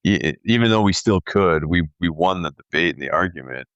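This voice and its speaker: A man in his thirties telling a story in casual podcast chat, animated and peppered with "dude" and "like". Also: low-pitched, fairly quick, clean tone, no echo, highs cut off. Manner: animated storyteller, says "dude" and "like", acts out quoted voices. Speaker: podcast co-host.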